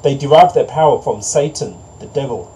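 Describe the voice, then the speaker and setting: A man narrating a storybook fable in a measured, moralising way. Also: medium pitch, dark tone, rough recording. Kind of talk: storybook narration, then preachy commentary.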